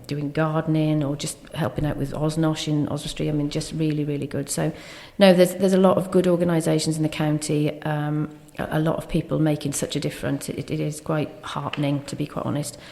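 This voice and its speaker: Welsh woman, podcast guest, earnest and grateful, quick talker, gravelly, small studio with a long echo. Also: sits low, mellow. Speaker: county High Sheriff, guest. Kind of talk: casual interview.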